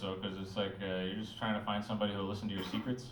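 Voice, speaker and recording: A man's voice: on the low side, flat delivery, distant mic, soft background music. Guy doing standup, mumbles a lot, lots of uh's, echoey club room. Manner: mumbling, offhand delivery with filler pauses. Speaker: stand-up comedian. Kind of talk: stand-up set. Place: comedy club stage. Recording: roomy club sound.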